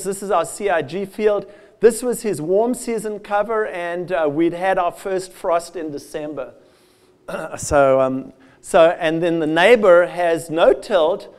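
A man giving a lively, conversational field day presentation with slides, addressing farmers directly and joking at his own expense. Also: sits high, clear, resonant tone. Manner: lively with self-deprecating asides. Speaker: soil health speaker.

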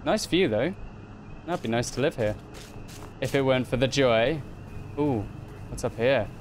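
A man commenting chattily as he plays a video game, excitably narrating each of his own moves. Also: mid-range voice, measured pace, a little hiss or hum. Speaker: gaming video host. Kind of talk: let's play commentary.

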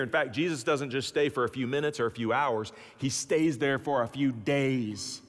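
Animated male pastor in a reverberant church. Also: moderate pace, few pauses. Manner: animated storytelling with big swings in pitch and loudness; folksy, humorous asides. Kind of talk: sermon. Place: church sanctuary. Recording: long church-hall reverb.

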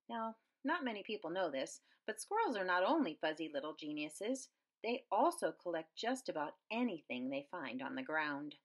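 Expressive woman reading a children's book. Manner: expressive, with big swings in pitch and loudness. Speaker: storyteller. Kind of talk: children's book read-aloud.

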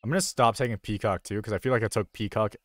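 Here a young streamer with a low, deep voice talks quickly and in a steady tone through his live gameplay at a desk microphone. He rambles casually, reasoning aloud and making fun of himself whenever he slips up.

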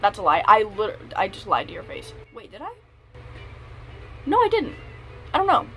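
A woman's voice: mid-range voice, wildly swooping pitch, normal speed, a little hiss or hum. A young woman vlogging casually from home while sick, rambling and correcting herself as she talks. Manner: rambling, self-correcting, filler-heavy. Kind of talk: casual vlog chat.

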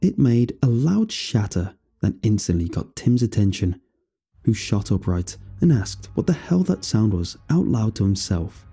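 A man reading a horror story aloud in a measured, scripted storytelling manner. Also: fairly low pitch, big pitch swings, dark tone, husky. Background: faint music.

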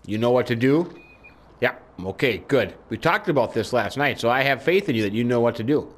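A man giving chatty let's-play commentary, talking to his in-game horse and jumping up in pitch when excited. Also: fairly quick. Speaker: gaming YouTuber.

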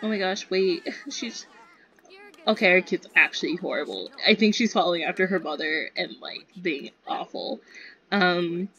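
Bubbly, breathy young woman gamer. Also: fairly low pitch, moderate pace, fairly bright tone. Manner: bubbly, giggly, chatty. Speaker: gaming video creator. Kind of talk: casual gameplay commentary. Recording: slightly dull lo-fi sound.

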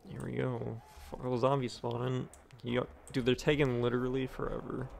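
Gravelly young man swearing through gameplay. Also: mid-range voice, level tone, normal speed, slight background noise. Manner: profane, offhand, talking to himself. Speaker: gaming commentator. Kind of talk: casual gameplay commentary.

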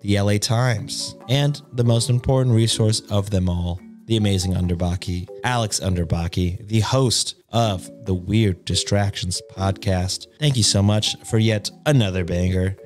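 A man's voice: fairly low pitch, normal speed, few pauses, a little mellow, faint music behind. Easygoing man co-hosting a podcast. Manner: easygoing, joking, trailing fillers. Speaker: podcast co-host. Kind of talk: casual podcast banter.

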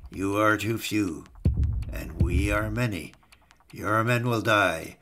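A man's voice: fairly low pitch, slow, background noise. A man voicing a vengeful, contemptuous raider chief who sneers as he talks. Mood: gloating.

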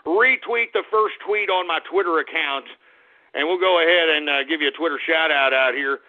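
A man hosting a radio show, scolding his listeners in a combative rant that keeps breaking into shouts. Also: a little high, normal speed. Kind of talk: ranting call-out radio talk. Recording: tinny phone-like radio audio.

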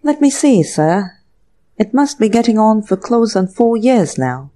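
Woman voicing a deferential male porter in an audiobook, higher and mellow. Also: sing-song, a little slow. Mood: respectful. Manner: respectful. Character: respectful male building porter, loyal.

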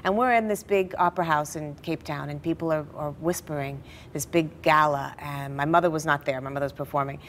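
A middle-aged woman telling family stories in a television interview, animated and laughing now and then. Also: low-pitched, brisk, hardly any pauses, slight background noise. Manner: animated storyteller, laughs through her stories. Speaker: interview guest. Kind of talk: personal storytelling in a TV interview.

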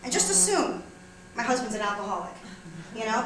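Lively high-voiced woman doing stand-up. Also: a little fast, a little hiss or hum. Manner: chatty, teasing, jokes with the audience. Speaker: comedian. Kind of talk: stand-up comedy monologue. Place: small theater stage. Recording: roomy live room with audience.

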